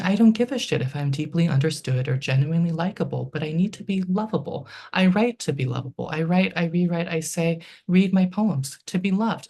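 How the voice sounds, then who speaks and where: A poet in their thirties reads their own work aloud at a steady middle pitch, stepping through long lists and strings of questions line by line. Between poems the voice drops into loose, chatty asides full of ums. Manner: reads lines in a halting, list-like rhythm. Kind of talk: poetry reading.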